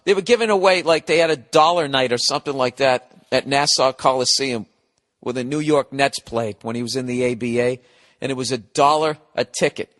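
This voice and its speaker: A middle-aged man hosting a podcast, rambling casually in an animated, profane, sarcastic way. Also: mid-range voice, brisk. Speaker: podcast host.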